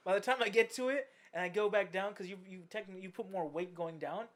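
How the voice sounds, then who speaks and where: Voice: medium pitch, quick pace. A young adult podcast host telling a story in casual chat, swearing often and laughing through it. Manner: profane, laughing, animated storyteller.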